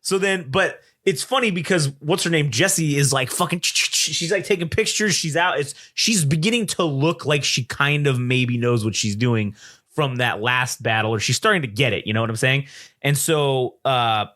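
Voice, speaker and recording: A man's voice: medium pitch, normal speed, bright, forceful tone. A man co-hosting a casual film review chat, animatedly retelling scenes and acting out the characters' lines, with frequent swearing. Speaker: podcast co-host.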